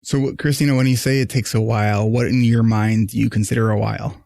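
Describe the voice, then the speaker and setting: A man's voice: on the low side, little pitch movement, quick pace, gravelly, warm tone, dry recording, studio quality. A man hosting a podcast, giving advice in a loose conversational way, often asking "right?". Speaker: podcast host. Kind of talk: casual advice chat.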